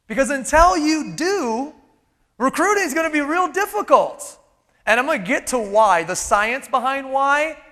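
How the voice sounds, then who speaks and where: A man with a very high, bright, forceful voice drives a live motivational keynote and pushes the crowd with rhetorical questions. His words ring out with a long reverb from the big event hall. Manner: energetic, emphatic, with rhetorical questions. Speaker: motivational speaker. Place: large event hall on stage.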